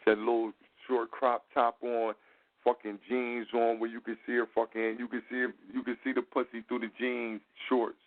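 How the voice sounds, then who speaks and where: A man's voice: medium pitch, moderate pace. Man telling a profane story over tinny sound. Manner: profane, animated street-slang storytelling. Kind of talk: casual storytelling chat.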